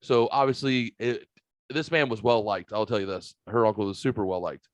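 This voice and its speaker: Animated man telling a story, dry close sound. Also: on the low side, normal speed, no room sound, dull audio. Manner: animated, swearing, acts out quotes. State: recovering from a sinus virus. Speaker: podcast host. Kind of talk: casual storytelling chat.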